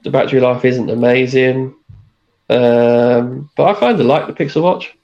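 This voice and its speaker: A man co-hosts a tech podcast in a relaxed, agreeable way, often repeating himself as he talks. His voice sits at a middle pitch. It comes through dull and muffled, like remote call audio. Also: moderate pace. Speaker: podcast co-host. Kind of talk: casual tech chat.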